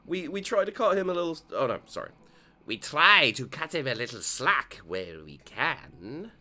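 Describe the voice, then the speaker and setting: A man's voice: fairly high pitch, sing-song, normal speed, pushed and bright, full character voice. A man voicing a friendly, good-humored suburban dad in a video game, coaxing playfully and stumbling over words.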